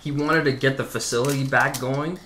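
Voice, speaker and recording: Hesitant bright-voiced man, podcast guest. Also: mid-range voice, steady tone, brisk, a little hiss or hum. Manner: hesitant, searching for words. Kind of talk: casual chat.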